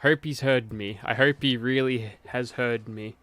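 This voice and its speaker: A man's voice: mid-range voice, steady tone, measured pace, fairly bright tone. A man streaming a game, giving casual commentary while he mutters, grumbles and swears.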